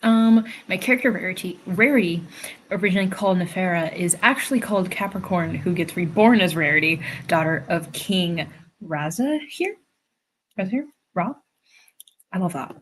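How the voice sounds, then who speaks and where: A woman's voice: lowish voice, animated, moderate pace, a little hiss or hum. A young woman hosting a casual livestream from home, chatting, reading viewer comments aloud and laughing often. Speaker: livestream host and writer.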